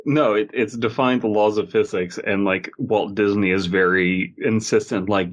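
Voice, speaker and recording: A man's voice: on the low side, fairly even intonation, moderate pace, hardly any pauses. A man co-hosting a podcast, rambling and stammering through jokes. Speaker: podcast co-host. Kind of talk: casual chat.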